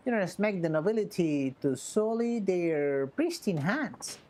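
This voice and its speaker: A woman's voice: lowish voice, sing-song, measured pace, warm tone. Woman putting on a pompous would-be noble man. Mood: haughty. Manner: haughty, archaic, grandiose phrasing. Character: pompous self-styled noble man, thirties. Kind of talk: reading game dialogue aloud.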